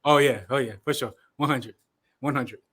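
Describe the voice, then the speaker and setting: A man's voice: mid-range voice, moderate pace, a bit bright, slightly rough. Laid-back slangy man from Chicago. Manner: laid-back slangy talk, repeats himself. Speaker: co-host, league commissioner. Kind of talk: casual live-stream chat.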